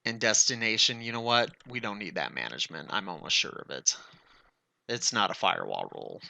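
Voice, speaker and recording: A man with a gravelly, crisp, forceful voice walks through a networking tutorial in a casual, chatty way. He thinks aloud and talks straight to his viewers, and the recording sounds dry and close. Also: lowish voice, expressive, brisk, no room sound.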